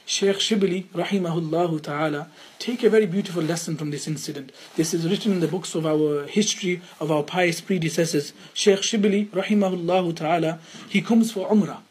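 A man giving a religious lesson, earnest and storytelling, often repeating his phrases for emphasis and dropping to hushed tones for quotes. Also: fairly high pitch, fairly quick, slightly rough, poor audio. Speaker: Islamic teacher.

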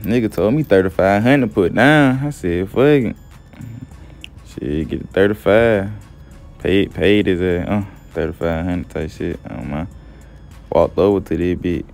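Young man, very low voice, laid-back profane storyteller, faint music underneath. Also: moderate pace, creaky, a little mellow. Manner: laid-back, profane, says "you feel me" often. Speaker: gameplay storyteller. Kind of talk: casual slangy story narration.

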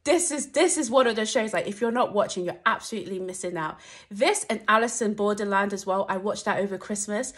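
A young woman gushing through a trailer reaction, talking animatedly and breaking into squeals and shouts. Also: mid-range voice, a little fast. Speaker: YouTube reaction vlogger. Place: at home at night.

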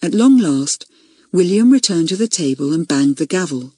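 Audiobook narrator, woman: lively, slightly breathy, close and dry. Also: lowish voice, moderate pace, no echo. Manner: expressive storytelling. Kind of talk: scripted narration.

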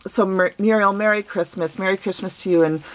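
A woman's voice: mid-range voice, steady tone, brisk. A woman opening handmade gifts on her craft vlog, gushing and sentimental, with many fillers. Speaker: craft vlogger. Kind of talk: casual gift-opening vlog.

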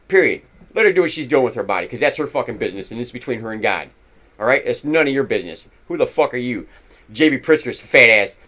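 A man with a fairly high voice rants furiously into the camera. He swears constantly and jabs at his audience in a hectoring tone. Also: fairly bright tone. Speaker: vlogger. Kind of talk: angry political rant to camera.

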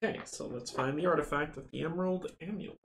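A man casually running a board game playthrough, chatty and excitable, counting dice rolls aloud. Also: fairly high pitch, fast. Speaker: tabletop game runner and player. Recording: roomy echo, faint noise.

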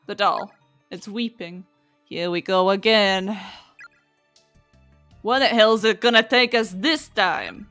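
A woman's voice: medium pitch, takes it slowly, long pauses, a bit bright, soft background music. A woman streaming a game live, chatting and reacting aloud as she plays.

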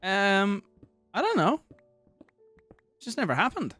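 A young man talks loosely while he plays a game on a livestream, swearing freely and joking with his chat. His voice sits a little high for a man. Faint music runs underneath the talk. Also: wildly swooping pitch, unhurried, sharp tone. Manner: chatty and profane, thanks viewers, jokes. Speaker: streamer.

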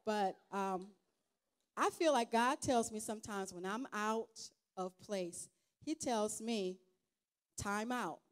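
Woman sharing a church testimony, earnest, kinda halting w lots of restarts, conversational. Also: mid-range voice. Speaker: guest speaker. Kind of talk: informal testimony sermon.

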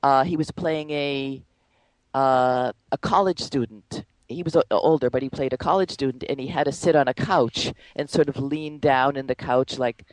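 A woman's voice: very deep voice, normal speed, darkish tone, dry recording, poor audio. A woman who teaches the Alexander Technique, telling stories in a thoughtful, conversational way with frequent fillers. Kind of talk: conversational interview.

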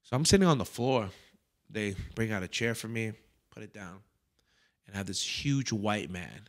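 This comedian host's voice sits on the low side, and he keeps a normal speed. Swearing freely and staying casual, he tells a lively story on his comedy podcast and acts out the quotes of others.

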